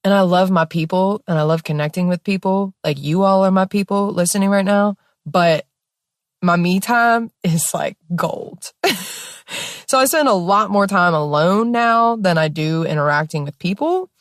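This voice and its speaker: A young woman telling a personal story in a casual, expressive way, with lots of fillers and some swearing. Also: medium pitch, moderate pace, no room sound, studio quality. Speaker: podcast host.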